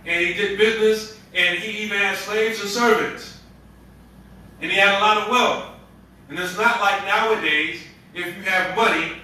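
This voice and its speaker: A man's voice: high-pitched, pushed and bright, very echoey, recorded from a distance, a little hiss or hum, low-quality recording. A man giving a Ramadan sermon as an imam, telling stories in a conversational way with street slang.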